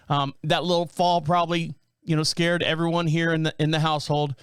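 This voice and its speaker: A man's voice: fairly high pitch, level tone, brisk, smooth, dry recording, clean studio sound. A middle-aged man hosting a podcast, telling rambling, jokey stories and laughing often. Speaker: podcast host. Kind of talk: casual podcast monologue.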